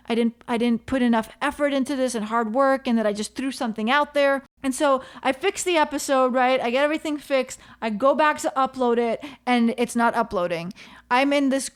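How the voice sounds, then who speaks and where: High-voiced woman hosting a podcast. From Canada. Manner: animated storytelling, repeats phrases for emphasis. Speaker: podcast host. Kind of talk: solo podcast monologue.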